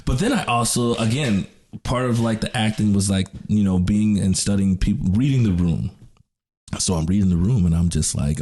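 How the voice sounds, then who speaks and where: A man's voice: deep voice, moderate pace, husky. A man talking casually as a podcast guest, telling stories with lots of laughter and acted-out quotes. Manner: animated storyteller, laughs often, acts out quotes. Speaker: podcast guest, pro wrestler. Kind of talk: casual chat.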